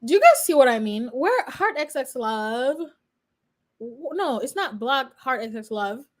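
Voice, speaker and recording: A woman's voice: high voice, sing-song, measured pace. A woman in her twenties, a law student reacting live and chatting straight to her viewers. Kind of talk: live reaction stream commentary.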